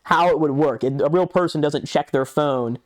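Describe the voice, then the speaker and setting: A man's voice: on the high side, moderate pace. A young man co-hosting a podcast in casual chat, telling a rambling story, acting out chat messages and swearing often. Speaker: podcast co-host.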